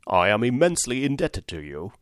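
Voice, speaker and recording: A man voicing an excitable, vain middle-aged king who speaks in effusive exclamations. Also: medium pitch, a little fast, dry recording, clean studio sound, natural voice.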